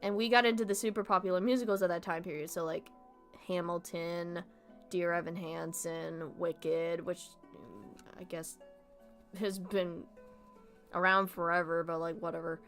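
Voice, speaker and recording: A young woman chats on her stream in a bright, forceful voice. She talks animatedly, swears freely and laughs often, with faint guitar music playing behind her. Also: on the low side, fairly even intonation, moderate pace. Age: young adult. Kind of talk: casual chat stream.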